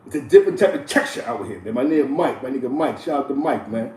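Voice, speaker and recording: A man hosting casual street storytelling, talking loosely with slang, repeats and frequent shout-outs. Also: mid-range voice, fast talker, recorded from a distance. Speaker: host. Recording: echoey room, voice a bit off-mic.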